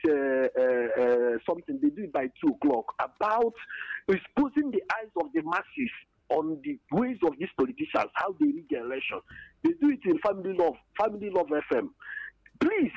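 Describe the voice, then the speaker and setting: Nigerian man, radio caller, high lively voice, emotional, muffled phone sound. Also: creaky, dry recording. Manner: emotional, pleading, repeats himself. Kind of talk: impassioned call-in complaint.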